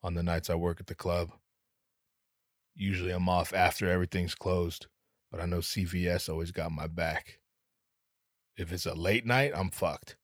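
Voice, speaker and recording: Low-voiced, profane podcast host. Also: male voice, steady tone, moderate pace, pauses often, dry recording, clean studio sound. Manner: profane, joking, slips into voices. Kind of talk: casual comedic monologue.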